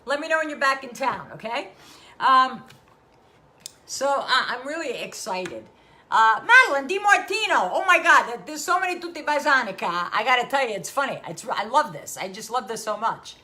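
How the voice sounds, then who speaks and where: A woman's voice: fairly high pitch, lively intonation, normal speed, pushed and bright. A middle-aged woman hosting a live-streamed talk show, effusively calling out viewers by name.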